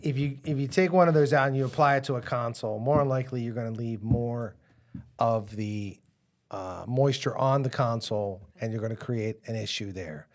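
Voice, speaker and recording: A man's voice: mid-range voice, moderate pace. A man co-hosting a casual live show, explaining in a dry, matter-of-fact way.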